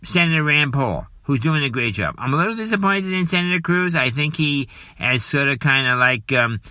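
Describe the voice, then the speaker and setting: Man, podcast host, indignant, repetitive, lively swooping pitch, piercing bright tone. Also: moderate pace, smooth, dry recording. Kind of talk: political commentary monologue.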